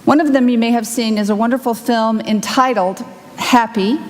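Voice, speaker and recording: A woman minister giving a sermon, upbeat and teasing, guiding listeners through a quiet reflection. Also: on the high side, a little hiss or hum. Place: church sanctuary. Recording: long hall reverb, faint ambience.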